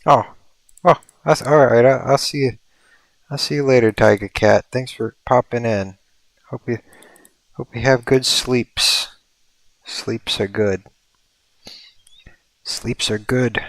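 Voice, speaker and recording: A man's voice: medium pitch, slow, gravelly, long pauses, no room sound. A man streaming a building game, musing and thinking aloud as he works, with playful mock-mystical asides. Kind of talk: casual livestream commentary.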